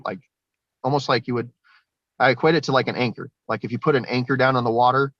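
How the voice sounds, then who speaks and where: A man's voice: medium pitch, steady tone, quick pace, no echo. Rambling, profane man on a dull line. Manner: rambling, swears often, laughs between lines. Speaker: guest. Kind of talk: casual spoken testimony. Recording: dull lo-fi sound, dry.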